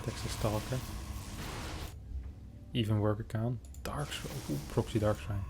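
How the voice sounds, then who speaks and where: Male esports caster with a lowish voice, casual and joking, quick reactions, soft music underneath. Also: fairly even intonation, creaky. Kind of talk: casual game commentary.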